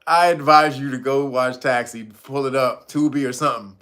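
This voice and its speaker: A man's voice: medium pitch, fairly even intonation, moderate pace, fairly bright tone. A man, hosting a casual stream, retelling a stand-up bit with laughs and put-on voices. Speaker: streamer host. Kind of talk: casual storytelling.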